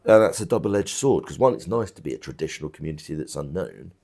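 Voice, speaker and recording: A man's voice: very deep voice, lively intonation, fast, gravelly, warm tone. A man who runs a pub, talking casually in an interview, blunt and chatty, with lots of restarts and asides. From England. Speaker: pub landlord. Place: country pub bar.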